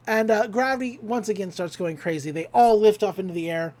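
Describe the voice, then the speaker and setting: A woman's voice: medium pitch, brisk, hardly any pauses, darkish tone. A woman recapping a cartoon episode in a casual, chatty, enthusiastic way. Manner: chatty and enthusiastic, with frequent fillers. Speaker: podcast host recapping an episode.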